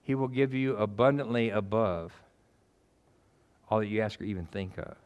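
A man's voice: lowish voice, moderate pace, clean tone, lo-fi sound. A man preaching a casual, joking sermon and telling stories in a conversational way.

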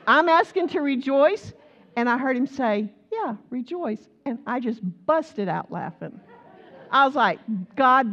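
A woman preacher, giving a sermon full of animated stories, laughter and exclamations. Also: fairly high pitch, dull audio.

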